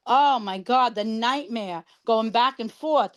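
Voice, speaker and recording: A middle-aged New York woman tells her story in lively, casual talk, with a fairly high voice. She acts out the lines of the people she quotes as she goes. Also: slow. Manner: animated storyteller, acting out quoted dialogue. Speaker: guest sharing her cancer story. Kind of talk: casual chat.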